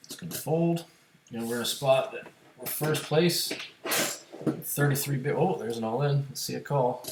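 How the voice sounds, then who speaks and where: A man with a mid-range voice, speaking at a normal pace in a roomy-sounding space over a noisy background, streams online poker. He keeps up casual commentary for viewers, working through hands and chip stacks aloud.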